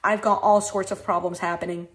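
A woman streamer telling a story in a casual, animated way, swearing often and acting out how she reacted back then. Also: medium pitch, fairly quick. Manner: animated, swears often, acts out her own past reactions.

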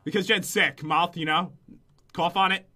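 A man's voice: high voice, steady tone, normal speed, pushed and bright. A man hosting a casual let's-play video, joking, punning and teasing his co-host. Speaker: gaming channel host.

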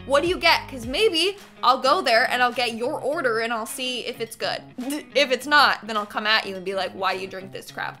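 A young woman hosting a casual reaction video, chatty and expressive, easily moved. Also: high-pitched.

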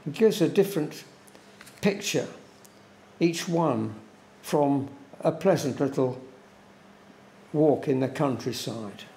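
A man preaching a sermon in a church, slow and deliberate, repeating words for emphasis. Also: on the high side, animated, vocal fry, warm tone. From England. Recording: echoey church room.

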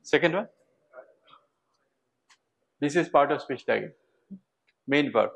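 Indian english guy lecturing a class, bit high voice, asks lots of questions, repeats stuff. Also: lively intonation, takes it slowly, vocal fry, fairly bright tone, husky. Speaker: university lecturer. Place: lecture hall.

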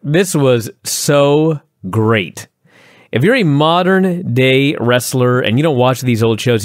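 A man co-hosting a wrestling review podcast, talking in an excitable, enthusiastic way and swearing freely. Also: a little high, no room sound, studio quality. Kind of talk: casual chat.

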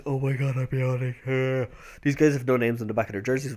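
A young man giving casual, rambling commentary over a football video game, with sudden excited outbursts. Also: medium pitch, brisk. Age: young adult. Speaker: gameplay commentator.

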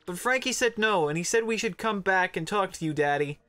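A man's voice: high-pitched, lively intonation, brisk, sharp tone, no echo, voice pushed up. A man doing a whiny mob daughter. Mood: pleading. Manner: whiny, pleading. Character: headstrong mafia daughter, young woman.

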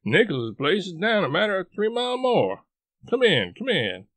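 A man voicing a kindly old Southern gentleman, hospitable and gently insistent. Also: high voice, very animated, moderate pace, no room sound, pitched above the performer's own voice, heavily acted.

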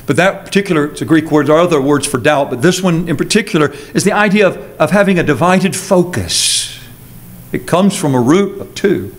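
A man preaching a sermon as a pastor, earnest, moving between quick asides and slow, emphatic phrases. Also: a little high, lively intonation. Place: church sanctuary.

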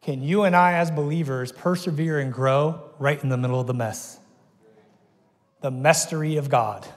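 A man preaching to his congregation, his voice sitting a little high as he tells the stories with lively energy. He slips into the voices of the people he quotes. His words ring out with the long reverb of a church hall. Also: moderate pace. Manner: animated storytelling, acts out quoted voices. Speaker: pastor. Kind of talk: sermon. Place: church auditorium.

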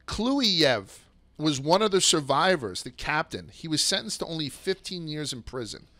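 Excitable, swearing male storyteller, bright voice. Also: on the high side. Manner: rushes and restarts when excited. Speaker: podcast host. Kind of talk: casual storytelling chat.

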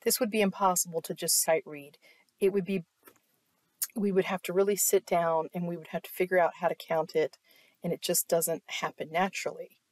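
A woman's voice: lowish voice, fairly even intonation, normal speed, darkish tone, no room sound. A woman teaching an online music theory lesson, explaining step by step and often checking in with "right?". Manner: explanatory, asks "right?" often, claps to demonstrate.

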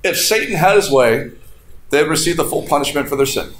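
Pastor, male, slightly high voice, animated storytelling sermon, roomy hall with faint noise. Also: brisk. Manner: storytelling with laughter and acted-out quotes. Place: church hall. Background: congregation responding.

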